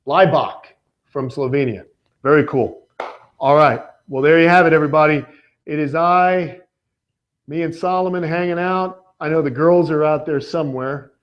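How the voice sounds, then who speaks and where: A man's voice: on the high side, moderate pace, dull audio. Laid-back man hosting a live stream. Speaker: host.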